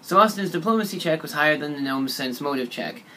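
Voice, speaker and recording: A man casually recounting a tabletop game session in a fairly high voice, rambling along with plenty of fillers and swearing. A faint background noise sits under his voice. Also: expressive, fast talker, sharp tone. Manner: rambling and profane, with many fillers. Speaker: storyteller.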